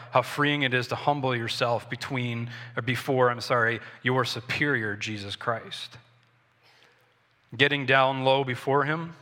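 Man, pastor, earnest sermon, repeats himself, bright, reverberant church. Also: mid-range voice. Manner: earnest, repetitive, self-correcting. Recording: long hall reverb.

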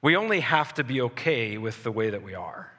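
A man preaching a sermon with a bright, forceful voice. He speaks earnestly, with pauses and restarts, while a long reverb from the large church hall trails behind his words. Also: medium pitch, big pitch swings. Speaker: pastor.

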